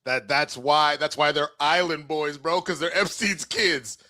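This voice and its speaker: A man's voice: fairly high pitch, steady tone, a little slow, pushed and bright. A man co-hosting a casual livestream, teasing his friend and laughing often. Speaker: co-host.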